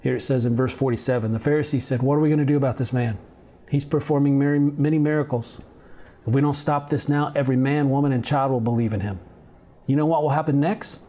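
A man's voice: mid-range voice, fairly even intonation, fast, dark tone. A male pastor giving a conversational sermon on video, reading scripture and adding humorous asides.

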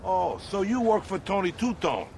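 A high, wary mafia man. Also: very animated, normal speed, gravelly, darkish tone, slight background noise, exaggerated voice. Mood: suspicious. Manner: wary, questioning. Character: suspicious male mafia member, probing.

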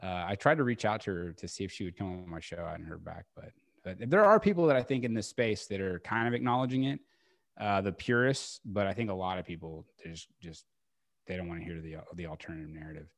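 Podcast host dude rambling casually, says like a ton, kinda low voice, dead dry mic. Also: male voice, fast, dry recording. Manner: rambling, heavy use of "like". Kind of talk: casual conversational chat.

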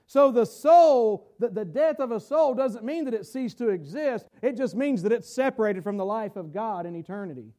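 High-pitched male pastor, sermon delivery, stammering repeats, bursts of loud emphasis. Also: expressive, moderate pace, few pauses. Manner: stumbles and repeats words, rising to shouts for emphasis. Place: church sanctuary. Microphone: camera-recorded.

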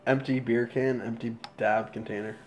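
A man co-hosting a podcast, joking and laughing through casual chat. His pitch swings widely as he talks. Clear background noise sits under the recording. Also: dull audio. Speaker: podcast co-host. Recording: noisy recording.

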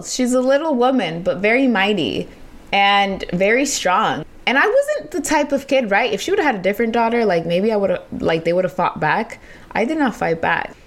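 A woman hosting a podcast, telling a personal story in casual, animated, profane talk with frequent laughter. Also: medium pitch. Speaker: podcast host.

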